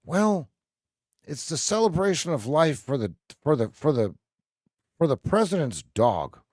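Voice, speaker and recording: Blunt, sarcastic ranting man with a lively voice. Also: a little high, unhurried, no echo, clean studio sound. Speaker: trading stream host. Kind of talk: live trading stream chat.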